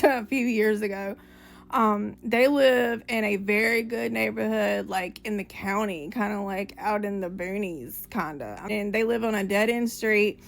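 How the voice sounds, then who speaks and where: A woman's voice: mid-range voice, vocal fry. A young woman, chatting casually to her viewers in a rambling way, with lots of "like" fillers and casual swearing. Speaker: vlogger. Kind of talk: casual chat to camera.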